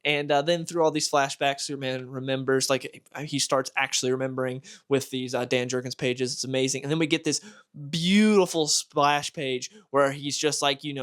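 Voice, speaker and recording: A man's voice: fairly high pitch, steady tone, a little fast, fairly bright tone. A young man hosting a casual vlog, gushing enthusiastically about a comic book.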